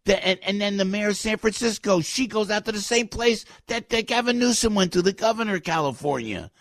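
A man's voice: sits high, animated, brisk, few pauses, a bit bright, no room sound, clean studio sound. A man hosting a talk radio show, ranting in a fired-up, emphatic way.

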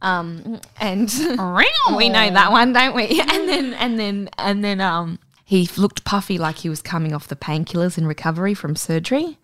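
A woman's voice: mid-range voice, normal speed, no room sound. Swearing woman, dry sound. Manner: swearing, laughing, lively storytelling. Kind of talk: casual chat.

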